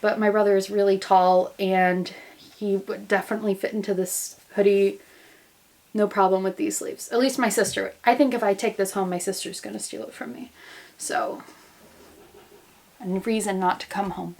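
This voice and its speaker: In a mid-range, slightly mellow voice with vocal fry, fairly even intonation and normal speed, a young American grad student in her twenties vlogs casually from home in quarantine. She's rambling, goofy and self-mocking.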